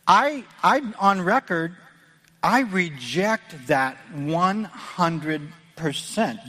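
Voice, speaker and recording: A man's voice: sits high, a bit bright. A middle-aged Midwestern pastor preaches earnestly to his congregation, his slightly raised voice carrying a long hall reverb. He talks plainly and conversationally, often restarting his sentences as he drives each point home. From American Midwest. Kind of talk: sermon.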